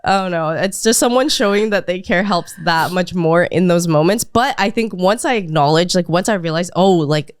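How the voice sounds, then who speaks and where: A young woman co-hosting a podcast in casual chat, relaxed and laughing often. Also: lowish voice, moderate pace, few pauses, clean tone, no room sound, studio quality. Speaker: podcast co-host.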